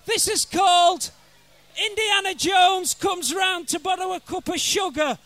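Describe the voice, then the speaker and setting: A comic poet who bellows his rhymes with brash, rowdy swagger. His voice sits extremely high and sounds bright and cutting. He drags his lines out slowly and keeps shouting at the room. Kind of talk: shouted comic verse at a live gig. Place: live music venue.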